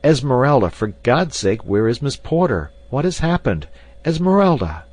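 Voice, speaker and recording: A man voicing a young gentleman who calls out urgently in an audiobook. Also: lowish voice, very animated, unhurried, no echo. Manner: raised, urgent calling.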